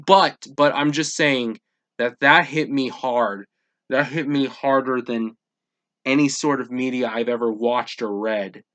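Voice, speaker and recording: A man's voice: medium pitch, steady tone, unhurried, a bit bright. A man hosting a casual manga reaction, thinking aloud and getting emotional as he reads. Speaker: reaction channel host.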